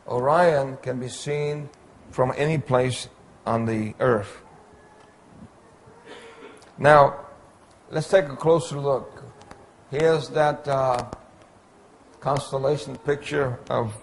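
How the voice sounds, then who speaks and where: A man giving an illustrated Bible lecture, pointing out details on slides in a slow, deliberate way. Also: medium pitch, vocal fry, a little hiss or hum. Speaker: Bible teacher.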